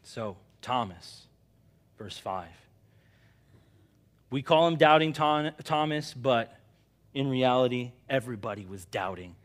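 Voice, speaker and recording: A man preaching a sermon in an animated, conversational way, dropping quiet for emphasis. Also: medium pitch, slow, long pauses. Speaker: pastor.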